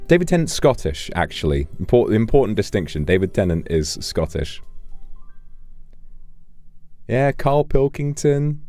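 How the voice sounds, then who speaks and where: A British man streaming live, chatting casually and reading out donations, playful and animated, swearing freely. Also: mid-range voice, measured pace, no echo, faint music behind. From United Kingdom.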